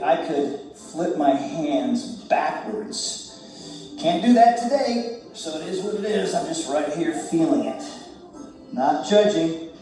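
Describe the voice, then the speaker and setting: A man's fairly high, mellow voice talks a class through yoga poses, easygoing and joking as he moves. He sounds far from the camera in a very echoey room. Soft music plays faintly underneath. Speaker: yoga instructor.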